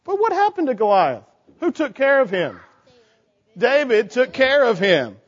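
With a very high-pitched, slightly rough voice, a man gives a very animated yet unhurried children's sermon, coaxing the kids with questions. He's in a church sanctuary, and the recording is dull and lo-fi with church hall reverb.

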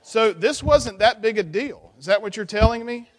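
A man leading a children's church session, playful and animated, teasing the kids with questions and cheering a young helper. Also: high-pitched, moderate pace, long reverb tail. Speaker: children's pastor.

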